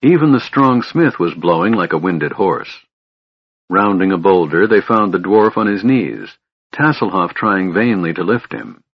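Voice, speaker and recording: A man narrating a fantasy audiobook in a steady, even reading voice. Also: deep voice, measured pace, husky, no echo, dull audio.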